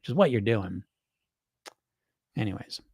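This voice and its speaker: A man's voice: lowish voice, lively intonation, measured pace, a little mellow, breathy edge, dry recording, studio quality. A man coaching dieters in a live-stream talk, blunt, profane and mocking as he acts out their excuses. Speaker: weight loss coach.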